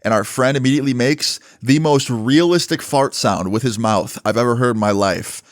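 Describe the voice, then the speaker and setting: A man tells a story in a loose, chatty way and swears now and then. His voice sits at an ordinary middle pitch. The recording is dry and close. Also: normal speed, no echo. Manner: casual, chatty, swears freely. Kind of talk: casual storytime narration.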